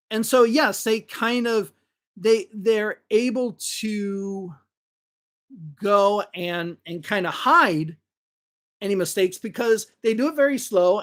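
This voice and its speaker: A man's voice: high-pitched, fairly bright tone. A man who teaches English, giving blunt, critical opinions in casual commentary to camera. He swears now and then and often repeats words as he restarts his sentences. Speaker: English teacher and channel host.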